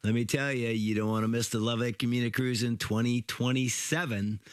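A man's voice: medium pitch, steady tone, brisk, no room sound. A man hosting a radio program and reading upbeat announcements. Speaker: radio host.

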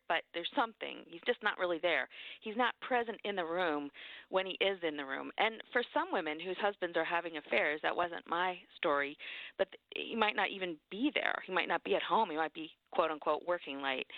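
A woman's voice: on the low side, no echo. A woman author speaking as a radio guest, earnest and confiding. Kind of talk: interview on a phone line. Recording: tinny phone line.

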